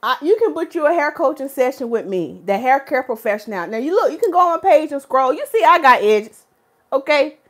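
A woman with a fairly high voice hosts a casual live stream about hair care. She greets viewers from the chat by name and turns animated and preachy when she makes her points. It sounds like she is talking into a phone or webcam. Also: brisk. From North Carolina, USA.

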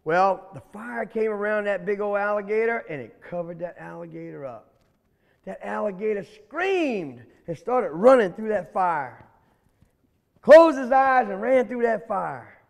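A man's voice: sits high, unhurried, creaky. Folksy storyteller man. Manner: animated, folksy, addresses listeners. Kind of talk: oral folk storytelling. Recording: long hall reverb.

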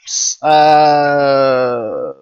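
A man commentating his own gameplay in a casual let's-play, getting excited, swearing and shouting at the game. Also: medium pitch, drawn-out words, clear, resonant tone, dull audio.

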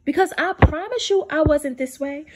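Woman sharing her faith to camera; emphatic, repetitive delivery in a somewhat high voice. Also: expressive, normal speed. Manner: emphatic, repeats phrases for stress; drops low and soft to quote God. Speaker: faith video speaker. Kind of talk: spiritual testimony to camera.

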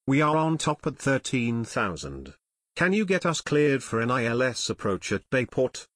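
A man's voice: medium pitch, very animated, moderate pace, a bit bright, dry recording, clean studio sound. A man reading the part of a male pilot calling on the radio, with clipped, formal radio phrasing, in an audiobook.

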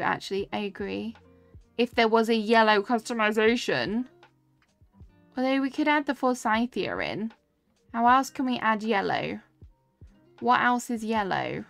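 A woman's voice: on the high side, expressive, normal speed, gravelly, a bit bright, dry recording, soft background music. Chatty woman streaming a game. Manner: chatty, reads and answers chat, giggly. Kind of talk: casual live-stream chat while playing.

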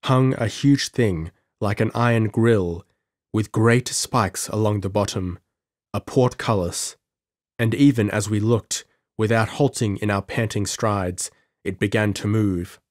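A man narrating a pulp adventure story in an audiobook with measured, dramatic delivery. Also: on the low side, a little mellow, no room sound, studio quality.

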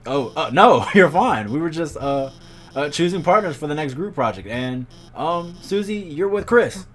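A man's voice: fairly high pitch, animated, moderate pace, close to an everyday voice. A man voicing a nervous, shy female lizard schoolteacher in a game, hesitant and full of ums and uhs. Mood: flustered.

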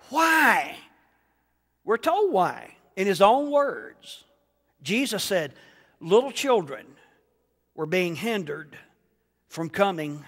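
A man preaching a sermon as pastor, animated, rising to shouts and firing rhetorical questions at the congregation. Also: very high voice. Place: church sanctuary. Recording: long reverb of a church hall.

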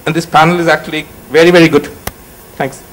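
A man's voice: on the high side, flat delivery, quick pace, a bit bright, slight background noise, rough recording. A man in his forties with a Swedish accent, a startup CEO introducing himself on a conference panel in short, joking, choppy phrases. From Sweden. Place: conference stage.

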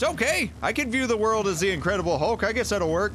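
A man giving jokey, animated commentary while playing a survival game and talking to the creatures in it. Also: high-pitched, quick pace, faint music behind. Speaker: gaming YouTuber. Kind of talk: playthrough commentary.

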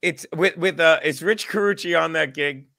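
A man's voice: fairly high pitch, normal speed, vocal fry, bright, forceful tone, dry recording, clean studio sound. A man hosting a podcast, chatting in an upbeat, scattered way about his week of shows. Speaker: podcast host. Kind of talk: casual chat.

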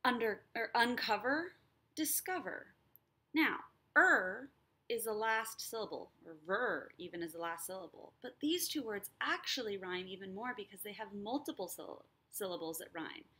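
A woman teacher explaining a lesson, sounding out words slowly and clearly. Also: mid-range voice, expressive, sharp tone. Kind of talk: recorded lesson.

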